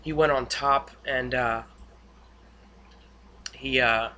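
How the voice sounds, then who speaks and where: A man giving a casual, rambling spoken recap of a TV episode, full of fillers and excited asides. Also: medium pitch, slow pace, slight background noise. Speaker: TV episode reviewer.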